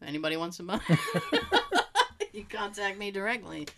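A woman with a Boston accent co-hosting a podcast in casual chat, giggly and animated, laughing often. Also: medium pitch, moderate pace, very noisy. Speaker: podcast co-host.

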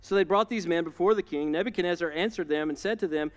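A man preaching a sermon as a pastor, dramatic and conversational, telling a story with lively asides. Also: on the high side, fast talker, few pauses, clear, resonant tone. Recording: long reverb in a large hall.

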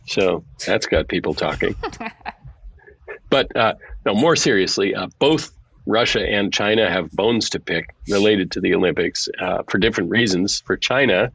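A man's voice: lowish voice, expressive, moderate pace, a bit bright, breathy edge. A man explaining security threats in casual podcast talk, slipping dry jokes into his explanations. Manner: dry joking asides in explanations. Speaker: security analyst guest.

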